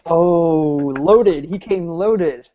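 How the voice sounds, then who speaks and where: A man from Ireland, a podcast guest, with a somewhat high voice who rambles along, full of fillers and self-deprecating asides. The audio is dull and lo-fi. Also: very slow. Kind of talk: casual podcast chat.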